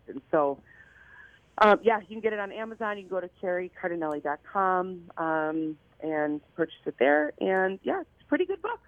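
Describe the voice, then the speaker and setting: A woman's voice: sits low, no room sound. A woman in her forties calling in as a guest, emotional, teary and grateful as she talks. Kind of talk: casual chat. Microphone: phone call. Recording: tinny phone line.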